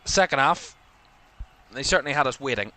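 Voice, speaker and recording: Northern Irish man, bright tone, rambling live watchalong commentary, lots of fillers. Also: medium pitch, expressive, moderate pace. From Belfast. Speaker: host.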